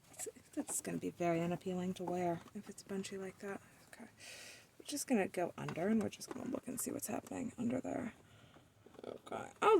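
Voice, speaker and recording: Diy sewing lady talking to her fabric at the machine, kinda raspy fry, noisy machine clicking in the background. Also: medium pitch. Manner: talks to herself and the fabric while sewing, playful scolding. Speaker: DIY sewing tutorial host. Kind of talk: casual chatty sewing commentary.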